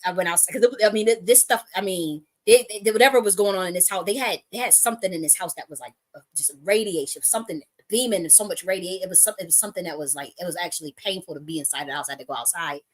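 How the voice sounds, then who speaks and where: Rambling, profane woman with a lowish voice. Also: rapid-fire. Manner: profane, restarts often, breaks into laughs. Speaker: spiritual reader. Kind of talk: rambling personal storytelling.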